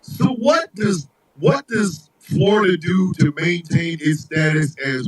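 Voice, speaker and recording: A man hosting a live talk show, ranting comedically in a profane, animated way, often shouting. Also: high-pitched, slow pace, few pauses, husky, poor audio. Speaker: host.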